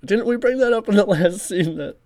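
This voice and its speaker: Improvising a scheming casino boss in a tabletop role-play, a man pushes his voice higher than his natural one, expressive, somewhat fast and darkish in tone. The character sounds bossy, speaking bluntly in rambling bursts peppered with self-mocking asides.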